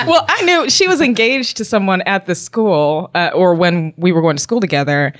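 A woman chatting casually, telling stories with lively acted-out quotes. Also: medium pitch, moderate pace, no echo. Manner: animated storyteller, acts out quoted voices. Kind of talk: casual chat, storytelling.

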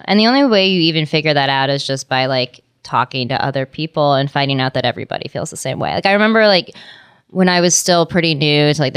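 A woman's voice: low voice, clean tone, dry recording, studio quality. A woman comedian in casual chat, rattling along with lots of fillers, self-deprecating. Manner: fast, filler-heavy, self-deprecating chatter. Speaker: comedian guest.

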